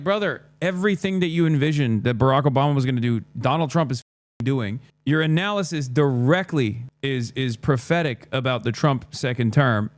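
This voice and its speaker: An American man giving sarcastic, rapid-fire live-stream political commentary. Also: mid-range voice, no echo. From United States.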